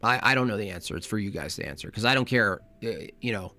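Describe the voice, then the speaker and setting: A man's voice: fairly low pitch, expressive, quick pace, pushed and bright, faint music behind. A man hosting a reaction commentary, talking in a blunt, argumentative and sardonic way. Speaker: commentary channel host.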